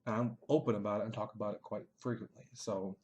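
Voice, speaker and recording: A young man runs a loose question-and-answer chat as a page admin. He swears constantly and his voice jumps from low mumbles to loud outbursts. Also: fast. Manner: crude, animated, swings between mumbling and shouting. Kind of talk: casual profane Q&A chat.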